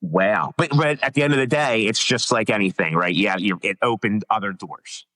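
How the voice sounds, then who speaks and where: A man hosts a casual interview, chatting and asking leading questions. His voice is low but bright and forceful. The room gives it a long reverb tail. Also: moderate pace. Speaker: podcast host.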